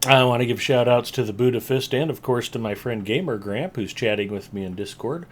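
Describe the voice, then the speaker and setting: A man hosting a live game stream, chatting casually and giving shout-outs to viewers and friends. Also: mid-range voice, brisk. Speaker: streamer host.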